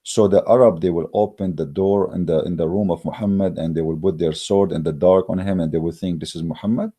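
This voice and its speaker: A man with a low, warm voice delivers a religious debate monologue as host of his own channel. He talks emphatically and mockingly, with frequent hesitations and restarts. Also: fairly even intonation, brisk, slightly rough. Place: Germany.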